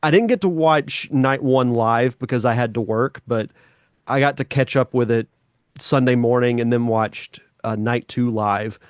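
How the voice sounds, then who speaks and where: A man co-hosting a podcast, talking through his opinions in a measured, casual way. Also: mid-range voice, clean tone, no room sound, studio quality. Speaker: podcast co-host.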